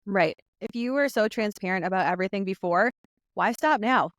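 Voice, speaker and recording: A woman's voice: medium pitch, a little fast, no room sound. A woman co-hosting a podcast, chatting casually and laughing easily along with her co-host. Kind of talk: casual chat.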